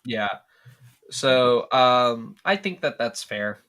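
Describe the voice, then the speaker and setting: Man, podcast co-host, casual chat, lively pitch, bright voice, swears a lot. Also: slow pace. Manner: animated, swears casually, opinionated.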